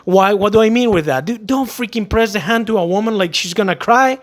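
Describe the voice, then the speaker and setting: A man with a notably high speaking voice gives casual, emphatic advice about selling and customer service. He talks in an animated way, often slipping into little acted-out scenes to make his point. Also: brisk. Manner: animated, acts out quotes, emphatic. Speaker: vlogger giving sales advice.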